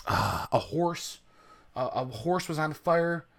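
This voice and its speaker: An American man co-hosting a deadpan comedy chat, rambling with halting restarts. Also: a little high, creaky. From United States. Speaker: co-host.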